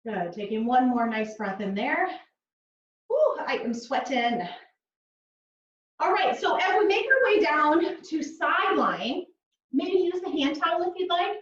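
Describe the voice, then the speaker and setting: In a dull, distant and roomy recording with slight background noise, a Dutch woman runs a pilates mat class. Her high-sitting voice is sing-song and a little slow as she counts out reps rhythmically and adds chatty asides.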